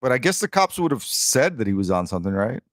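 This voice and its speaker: Lässiger Podcast-Host, lebhafte Männerstimme. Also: male voice, mid-range voice, sing-song, fast, no echo, studio quality. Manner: laughing, slangy, says "bro". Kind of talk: casual chat.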